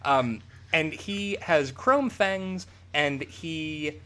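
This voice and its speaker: A man's voice: fairly high pitch, extremely slow. A man co-hosting a casual podcast, riffing and swearing freely as he talks. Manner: profane, animated, riffing with laughs. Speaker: podcast co-host. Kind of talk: casual chat.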